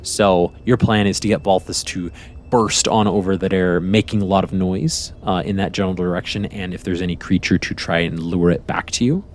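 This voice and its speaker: Deep-voiced man as game master. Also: fairly even intonation, moderate pace, slight background noise. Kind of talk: narrating a tabletop game.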